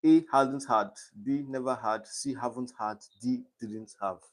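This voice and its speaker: A man's voice: medium pitch, steady tone, a little slow. Young man tutoring on a live stream. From Nigeria. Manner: reads quiz options aloud and checks understanding.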